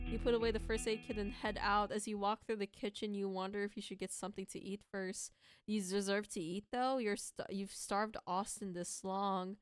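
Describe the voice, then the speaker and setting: A woman's voice: mid-range voice, level tone, normal speed. A young woman streaming a horror game, reading story text aloud and breaking into pleading, dramatic outbursts at the characters. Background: faint background music.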